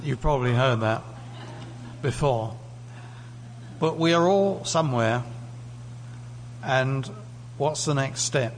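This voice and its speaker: Speaking into a lectern mic in an echoey church hall with a faint hum, a British preacher delivers a conversational sermon and asks the congregation questions. His mid-range voice is expressive, slow, and full of long pauses.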